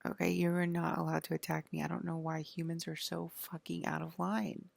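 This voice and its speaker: A woman's voice: on the low side, level tone, moderate pace, vocal fry, a little mellow, dry recording. A woman vlogger in a rambling, profane, indignant monologue.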